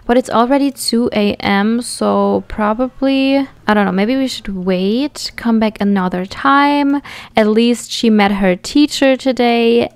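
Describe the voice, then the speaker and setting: A woman hosting a let's play, giving casual, rambling and excitable commentary as she plays. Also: medium pitch, clean tone, no echo.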